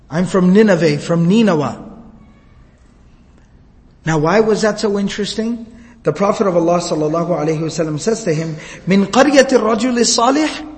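Fast-talking male lecturer in a hall. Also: sits high. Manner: animated, explains Arabic phrases, repeats and rephrases. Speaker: religious lecturer. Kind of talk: Islamic storytelling lecture. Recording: long hall reverb.

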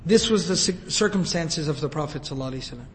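A man's voice: fairly high pitch, expressive, rapid-fire, in a large hall, slight background noise, rough recording. A man giving a sermon, telling the story emotively and acting out quoted lines. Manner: emotive, retells scenes with quoted voices. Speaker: preacher.

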